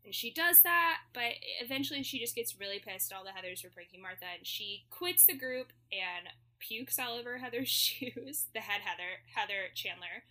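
A woman's voice: on the high side, lively intonation, normal speed, few pauses, sharp tone. A woman co-hosting a podcast, chatting casually and laughing often as she recaps a musical. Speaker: podcast co-host. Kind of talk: casual chat summarizing a musical.

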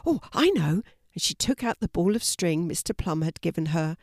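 An older woman reading a children's story aloud in a calm, clear, gentle way. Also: sits low, brisk, no echo, clean studio sound.

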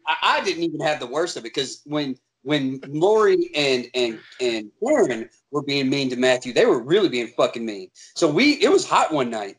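A man's voice: medium pitch, normal speed, hardly any pauses. A man telling rambling, profane stories in casual chat among friends. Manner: rambling profane storytelling, animated voices in quotes.

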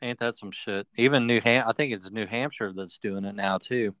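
A man with a smooth, resonant voice at an ordinary pitch hosts a casual political talk show. He speaks bluntly, backing up his guest with quick agreement. The recording is dry and close. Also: fairly bright tone, no echo. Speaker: podcast host.

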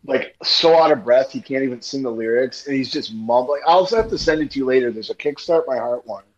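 A man's voice: medium pitch, a little fast, highs cut off, a little hiss or hum. A man co-hosting a podcast in casual chat, rambling with lots of fillers. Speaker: podcast co-host.

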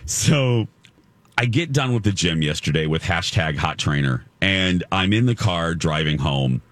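A man's voice: low voice, expressive, measured pace, fairly bright tone, no echo. A man in his forties, a radio host, telling rambling self-mocking stories in casual chat. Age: 40s.

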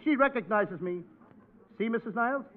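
High excitable comic man, 1940s radio. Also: moderate pace. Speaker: comedian. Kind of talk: 1940s radio comedy acting. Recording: muffled 1940s radio broadcast with hiss.

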